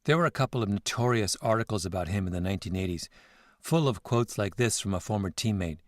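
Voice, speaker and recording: A man hosting a podcast, telling a story in scripted narration with a measured, reflective manner. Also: fairly low pitch, animated, no echo, clean studio sound. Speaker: podcast host.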